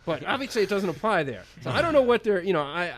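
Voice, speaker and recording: An American man, a poker pro guest on a radio show, telling a story in an animated, chatty way and laughing as he goes. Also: high voice, quick pace. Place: radio studio.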